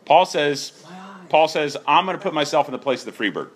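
A man preaching a sermon, emphatic and animated, with rising exclamations. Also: mid-range voice, moderate pace. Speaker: pastor.

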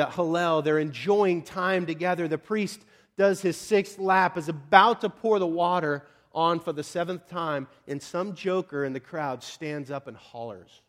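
A male pastor preaching a sermon, telling the story dramatically with chatty asides and sudden drops to a near whisper. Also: fairly high pitch. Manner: dramatic storytelling, swinging from hushed to shouting; conversational asides.

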